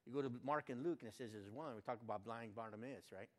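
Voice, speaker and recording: An older man with a fast, mid-range voice reads a Bible passage aloud, then reflects on it informally in a folksy, conversational devotional. He rises to loud, fervent cries and drops to quiet asides, all under long hall reverb.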